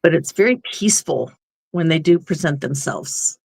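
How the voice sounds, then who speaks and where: A woman's voice: low voice, lively intonation, moderate pace, creaky, darkish tone, slightly rough. A woman guest on an interview show, telling a personal story in an earnest, rambling way. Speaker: guest medium.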